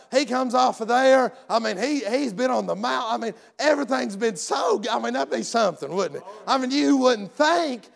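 High, gravelly preacher man. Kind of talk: folksy sermon.

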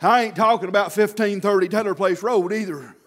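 A man preaching a sermon with fervor, often shouting and filling his pauses with constant "uh, uh". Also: high voice. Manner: fervent, often shouting, with constant "uh, uh" between phrases.

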